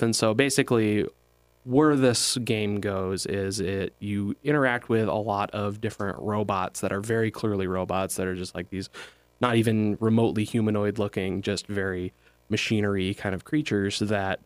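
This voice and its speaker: Young male co-host, lowish voice, dry recording, rambling and hesitant. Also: steady tone, normal speed, clean tone, dry recording. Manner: explains at length, hesitant. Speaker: podcast co-host. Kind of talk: casual chat.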